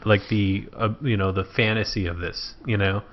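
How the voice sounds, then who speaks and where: Low, easygoing male co-host, trails off, dull lo-fi podcast sound. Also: steady tone, moderate pace. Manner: laid-back, trailing off with fillers. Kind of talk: casual movie discussion.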